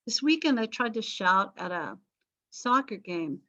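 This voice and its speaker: A woman gives a chatty history lecture, correcting herself and throwing in joking asides, her voice slightly strained by vocal cord damage. She speaks a little slowly at medium pitch with wide pitch swings and a bright, forceful tone. The recording sounds muffled.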